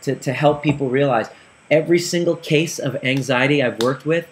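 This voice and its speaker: An earnest man recounts a session with clients and plays out their exchange with feeling. His voice sits at an ordinary middle pitch. A faint background noise runs under the recording. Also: moderate pace. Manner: earnest, animated storytelling with quoted dialogue. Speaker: practitioner telling a client story. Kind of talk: storytelling talk.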